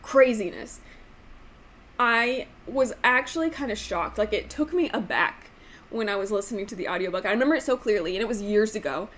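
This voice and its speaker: A woman hosting a casual book vlog, talking emphatically with lots of "like" fillers and sometimes showing off voices with sudden jumps in pitch. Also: expressive, brisk, a bit bright, slight background noise. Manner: chatty, emphatic, frequent "like" fillers. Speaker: book channel host.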